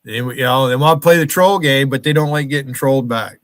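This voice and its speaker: A man's voice: mid-range voice, a little fast, a bit bright, no room sound. Profane, ranting man streamer. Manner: profane, confrontational, calls out viewers by name. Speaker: livestream host. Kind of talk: angry livestream rant.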